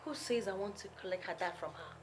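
A woman's voice: medium pitch, fast talker, soft background music, close to an everyday voice. A woman playing a young stepmother who scolds sharply and defends herself, in a family drama skit. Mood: defensive. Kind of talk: amateur family drama acting.

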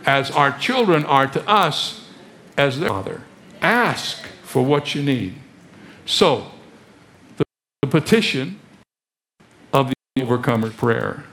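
Animated preacher, man with a higher voice. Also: a little hiss or hum. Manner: animated, rhetorical questions to the congregation. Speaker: pastor. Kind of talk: sermon.

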